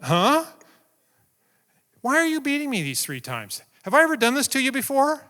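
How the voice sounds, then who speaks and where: A man's voice: huge pitch swings, bright, forceful tone, exaggerated voice. A man doing an indignant talking donkey. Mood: aggrieved. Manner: high, slow, aggrieved questioning. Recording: long reverb in a large hall.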